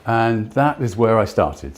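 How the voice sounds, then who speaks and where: An older man giving a talk, telling personal stories in a halting way with frequent restarts. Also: on the low side, very animated.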